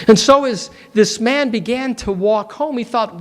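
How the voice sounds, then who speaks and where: A man, a rabbi, giving a sermon in a measured, reflective storytelling manner. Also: extremely high pitch.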